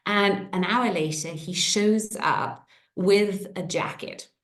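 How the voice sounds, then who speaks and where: A middle-aged woman coach telling stories in a casual talk to an online group, lively, with quick jumps in pitch. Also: reverberant.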